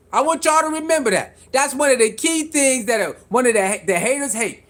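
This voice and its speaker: Speaking at a moderate pace with few pauses, a high-voiced vlogger offers casual sports commentary to camera. The delivery is animated and repetitive, with rhetorical questions for viewers and laughter between points.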